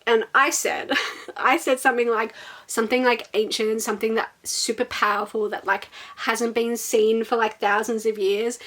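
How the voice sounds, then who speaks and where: A woman's voice: on the high side, flat delivery, normal speed, fairly bright tone. Exasperated sarcastic young woman. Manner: exasperated, sarcastic, swears freely, reads quotes aloud mockingly. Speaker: book reviewer. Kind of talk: casual ranting book review.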